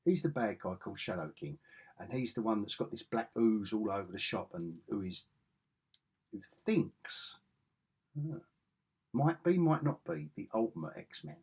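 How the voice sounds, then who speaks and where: A man's voice: lowish voice, animated, measured pace, darkish tone, slightly rough. A middle-aged man vlogging a casual, rambling comic book review in a chatty, self-interrupting way.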